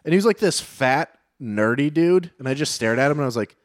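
A man's voice: medium pitch, lively intonation, brisk, dry recording, studio quality. A man, a stand-up comedian chatting casually, swearing often and acting out quotes as he tells stories. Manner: profane, storytelling with acted-out quotes. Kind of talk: casual podcast chat.

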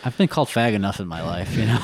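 A man hosts a comedy podcast with a lively, bouncing pitch. He banters playfully and laughs often. His voice sounds dry and close to the mic. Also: quick pace, no room sound. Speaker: podcast co-host.

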